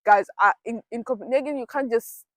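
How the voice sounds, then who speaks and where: A woman's voice: fairly high pitch, a little fast, no room sound. A woman telling a casual storytime vlog, chatty and dramatic, often talking to herself. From grew up in a village abroad. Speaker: vlogger.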